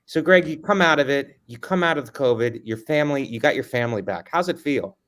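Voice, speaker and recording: A man co-hosting a comedy podcast, teasing his partner in a deadpan way during casual chat. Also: mid-range voice, a little fast. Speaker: podcast co-host.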